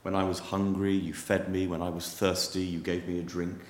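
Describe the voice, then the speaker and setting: An earnest, wry progressive church leader, as a preacher voices him speaks in a low, deep voice. The sound carries around an echoey church. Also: male voice, flat delivery, normal speed, lightly acted.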